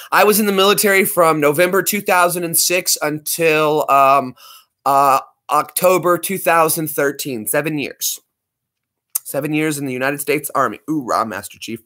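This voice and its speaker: A man's voice: fairly high pitch, steady tone, unhurried, pushed and bright. A man in his thirties hosting a livestream, rambling and joking as he answers chat. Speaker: livestream host.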